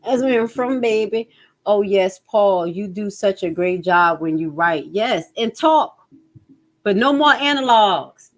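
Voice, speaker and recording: A woman from New Jersey with a Jersey accent, hosting a casual livestream, chatting and reading viewer comments, animated and loud when she exclaims. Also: medium pitch. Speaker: livestream host.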